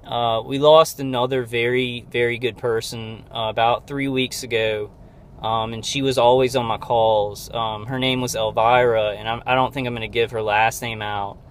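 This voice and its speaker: A man giving a rambling personal video update from inside his car, halting with many fillers and restarts, strained and close to tears. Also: medium pitch, flat delivery, slight background noise. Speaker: video diarist.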